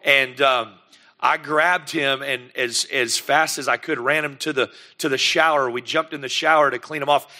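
A middle-aged man, a pastor telling lively family stories in a sermon and acting out the scenes. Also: medium pitch, moderate pace. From United States. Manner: animated, lively storyteller who acts out scenes. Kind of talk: sermon storytelling.

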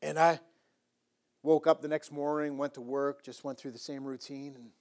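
A middle-aged man pastor telling a story in a sermon, animated and rising to loud emphatic bursts, often repeating and restarting phrases. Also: a little high, normal speed.

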